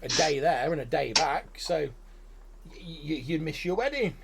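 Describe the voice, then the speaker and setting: A man's voice: fairly high pitch, expressive, a little slow, creaky, noisy background, pitched above the performer's own voice. A man voicing a cocky little male goblin who is mouthy and sulky. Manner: mouthy, cheeky, loud.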